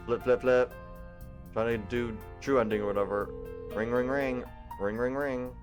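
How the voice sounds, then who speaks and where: A man's voice: mid-range voice, fairly even intonation, normal speed, over music. A man reading a visual novel aloud as a let's play, with playful, rambling asides.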